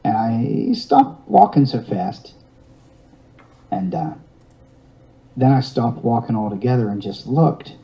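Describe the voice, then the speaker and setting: A man's voice: mid-range voice, big pitch swings, slow, gravelly, long pauses, dark tone, rough recording. A man in his fifties telling a long personal story in an interview, rambling along with restarts and wry, self-mocking humor. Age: 50s.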